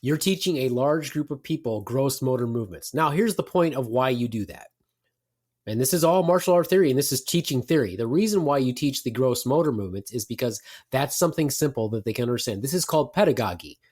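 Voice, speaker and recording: A man's voice: mid-range voice, expressive, fairly quick, darkish tone. A man co-hosting a podcast, blunt and profane, lecturing in a casual group chat. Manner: blunt, lecturing, profane, mimics others in quotes. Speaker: podcast co-host. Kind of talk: casual banter.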